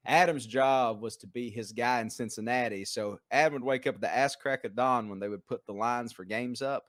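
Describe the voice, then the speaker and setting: A man's voice: medium pitch, a little fast, a bit bright, dry recording, studio quality. A man speaking as a guest on a casual podcast who rants emphatically about gambling. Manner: emphatic, ranting. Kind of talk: casual chat.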